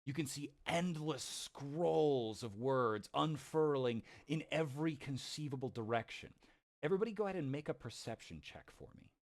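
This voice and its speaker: A man's voice: medium pitch, expressive, normal speed. A man narrating a tabletop game as game master, playful and often laughing. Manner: playful, laughing, with frequent restarts.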